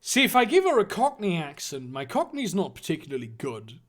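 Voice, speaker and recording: A man reads a parody story aloud, breaking off into profane, rambling asides. His voice sits fairly high and swings widely. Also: wildly swooping pitch, fairly quick, fairly bright tone. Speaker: comedic reader. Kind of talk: comedic reading with live asides.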